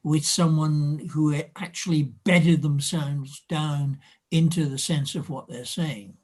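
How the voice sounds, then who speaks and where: English man with an English accent, slow and husky, wry, on a video call. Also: a little high, fairly even intonation, darkish tone. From England. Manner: wry, joking. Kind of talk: casual chat.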